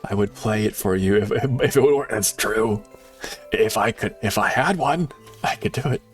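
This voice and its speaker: A man streaming a game live, chatting casually with viewers and swinging from excited shouts to quiet muttering. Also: lowish voice, normal speed, soft background music. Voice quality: animated, laughs often, jumps between excited shouts and quiet muttering.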